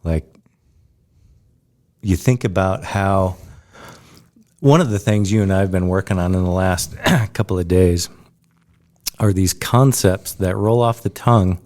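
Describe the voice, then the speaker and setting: A man co-hosting a podcast, speaking in a slow, deliberate way and thinking aloud in measured phrases. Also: low-pitched, darkish tone. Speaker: podcast co-host. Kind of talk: casual chat.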